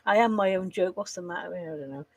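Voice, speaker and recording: A woman's voice: on the low side, fast, a little mellow, no echo, poor audio. A woman chatting casually on a live stream, rambling, swearing freely and laughing at her own jokes.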